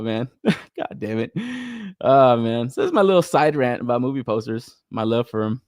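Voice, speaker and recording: A young man chats casually as a podcast host, cursing freely and breaking into laughter. His voice leaps up and down with animated energy, and his story-telling gets excitable. The sound is close and dry with no room behind it. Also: medium pitch, normal speed, no echo. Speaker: podcast host reading live chat. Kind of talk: casual chat.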